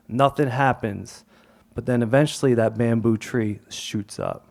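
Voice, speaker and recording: A man's voice: medium pitch, measured pace, vocal fry. A young adult man telling a personal story on stage, acting out the voices and dropping to whispers at times. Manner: animated, acts out quotes, drops to whispers.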